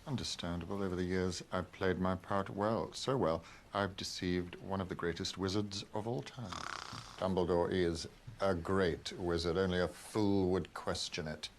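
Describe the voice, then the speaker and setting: A man playing a cold, menacing male dark wizard teacher in a fan-made parody skit, speaking in a measured, deliberate way. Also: deep voice, fairly even intonation, slight background noise.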